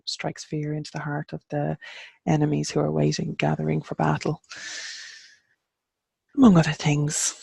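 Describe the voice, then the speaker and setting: An Irish woman teaching an online class, explaining carefully and pausing over how words are pronounced. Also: low-pitched, creaky, a little mellow, breathy edge, no room sound. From Ireland.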